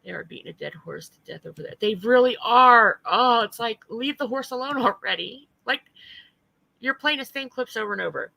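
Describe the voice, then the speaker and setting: A woman's voice: on the high side, expressive, normal speed, vocal fry, sharp tone, dry recording, poor audio. A woman streamer ranting in blunt, profane, heated commentary to her live chat. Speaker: livestreamer.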